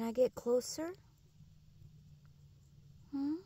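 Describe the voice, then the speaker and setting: Soft-spoken breathy woman, whispering. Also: fairly high pitch, takes it slowly, pauses often. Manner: gentle, soothing, often whispering. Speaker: pet owner filming wildlife. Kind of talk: soft coaxing talk to an animal.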